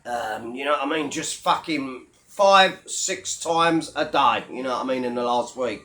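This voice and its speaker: A man's voice: mid-range voice, normal speed, few pauses, bright, forceful tone. A man giving a blunt, mocking commentary on a video channel, swearing heavily as he rants. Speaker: YouTube commentator. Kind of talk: ranting commentary vlog.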